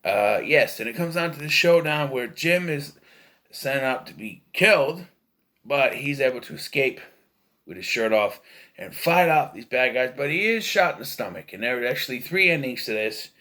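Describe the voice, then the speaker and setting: Male film reviewer, casual and opinionated, with a tense edge and pitch that jumps all over. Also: animated, normal speed, bright, forceful tone. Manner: rambling, opinionated, with frequent fillers and restarts. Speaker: movie reviewer.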